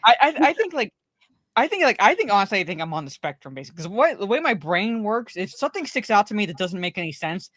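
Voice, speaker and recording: A woman's voice: medium pitch, big pitch swings, fast, fairly bright tone, dry recording. A woman co-hosting a casual pop culture podcast, rambling, swearing and repeating herself as she talks. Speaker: podcast co-host.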